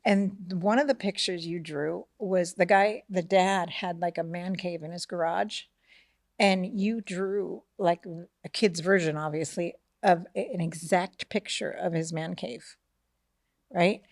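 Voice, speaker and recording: A middle-aged woman telling a family story in casual podcast chat, animated, acting out the voices of the people in it and often asking "right?". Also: on the low side, measured pace, no room sound, clean studio sound. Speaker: podcast co-host, mother of the host.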